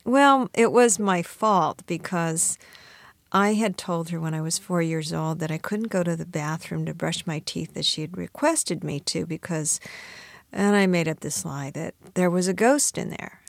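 A middle-aged woman speaks low, with a gravelly edge to her voice. She tells reflective stories as an interview guest, now and then taking on the voices of the people she quotes. The sound is dry and close to the mic. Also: measured pace, no echo. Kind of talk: radio interview conversation.

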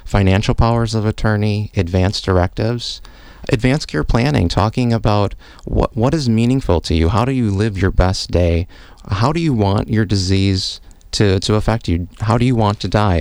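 Expert guest, male, very low smooth voice, calm and measured, dry studio. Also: no echo. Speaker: physician and professor, guest expert. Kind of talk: radio interview answers. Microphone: studio microphone.

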